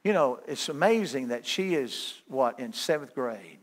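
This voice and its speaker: A man's voice: mid-range voice, expressive, a little slow. A middle-aged man preaching a sermon as a guest evangelist, folksy and joking with his listeners.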